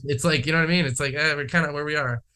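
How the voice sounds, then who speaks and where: A man's voice: a little high, fairly even intonation, very fast, bright, forceful tone, clear, resonant tone. A man from Manitoba, Canada, chatting casually on a podcast, rambling with lots of fillers and swearing. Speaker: podcast guest. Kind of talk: casual chat.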